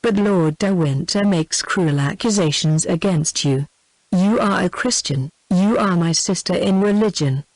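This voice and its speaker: A woman's voice: on the low side, measured pace, no room sound, low-quality recording. Audiobook: earnest young Puritan officer read by a British female TTS voice, no characterisation. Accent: British English. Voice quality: even synthetic delivery.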